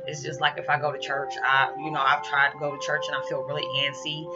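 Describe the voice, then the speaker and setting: Speaking quickly in a deep voice with little pitch movement, a woman who vlogs about spirituality chats directly to her audience, calling them y'all and filling her rambling with fillers. The recording sounds muffled, with music playing underneath.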